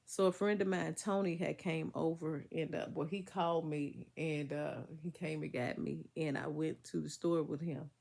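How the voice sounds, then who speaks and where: Woman vlogger, fry in the voice, casual and emphatic, a bit under the weather. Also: low-pitched, fairly even intonation, moderate pace, hardly any pauses, darkish tone. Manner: chatty, emphatic, Southern US vernacular speech. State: congested, recovering from illness. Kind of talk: casual storytelling to viewers.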